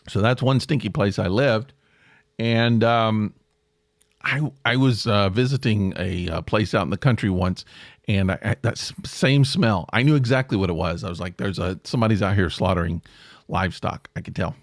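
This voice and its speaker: A middle-aged man hosting a casual solo podcast, rambling and self-deprecating, jumping up in pitch for emphasis. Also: dry recording, clean studio sound. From American South. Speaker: podcast host.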